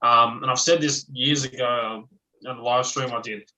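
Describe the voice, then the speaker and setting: An Australian man in a loose, casual chat, with a bright, forceful voice. He talks bluntly, swears without a second thought and laughs often. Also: mid-range voice, fairly even intonation, moderate pace, rough recording. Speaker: livestream guest, ex-chef.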